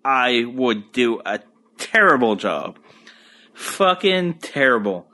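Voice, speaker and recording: A man's voice: medium pitch, sing-song, takes it slowly, bright, forceful tone. A young man with an Acadian French accent, hosting a solo podcast from home in a crude, rambling, profane and easygoing way. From Moncton, New Brunswick, eastern Canada. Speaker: podcast host. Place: at home on a couch.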